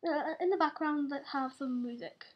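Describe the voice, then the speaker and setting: A woman's voice: sits high, moderate pace, lo-fi sound. A young woman, in her teens, hosting a casual gaming video with chatty, giggly, teasing talk. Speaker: gaming channel host.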